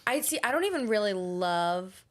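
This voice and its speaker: A young woman co-hosting a casual podcast chat at a middle pitch. She reacts emphatically and blurts short interjections. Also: sing-song, moderate pace. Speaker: podcast co-host.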